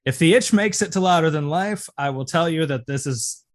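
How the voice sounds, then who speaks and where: A man's voice: a little high, fairly quick. Chatty male podcast co-host. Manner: enthusiastic, rambling with fillers. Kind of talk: casual chat.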